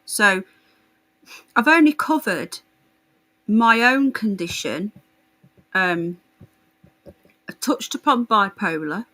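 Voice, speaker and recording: A woman's voice: medium pitch, lively intonation, takes it slowly, long pauses, sharp tone, low-quality recording. A woman hosting a live stream, chatting casually with viewers in a blunt, sarcastic and sweary way. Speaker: livestream host.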